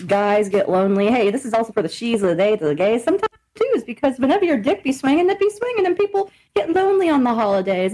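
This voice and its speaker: A woman hosting a podcast, telling stories in a hyper, profane casual chat. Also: low-quality recording. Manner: animated, profane storytelling with quick pitch jumps. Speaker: podcast host.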